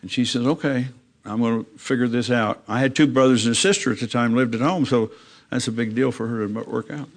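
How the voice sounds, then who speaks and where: An older man preaching and telling his life story plainly, acting out the dialogue as he goes. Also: fairly quick. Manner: plain-spoken storytelling, acting out his own dialogue with rising pitch when emotional. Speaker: preacher giving testimony. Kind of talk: personal testimony in a church talk.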